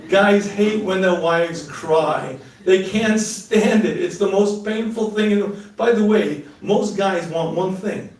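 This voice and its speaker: High-voiced joking middle-aged man, echoey hall. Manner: animated, joking, laughs at his own asides. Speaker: rabbi answering audience questions. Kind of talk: live talk with Q&A. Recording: echoey room, mic at a distance.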